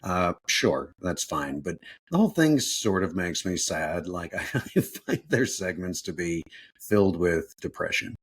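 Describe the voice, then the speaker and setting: Deep-voiced, rambling man. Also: animated, measured pace, a little hiss or hum. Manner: rambling, hesitant, full of ums and uhs. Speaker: podcast guest. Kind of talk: casual chat.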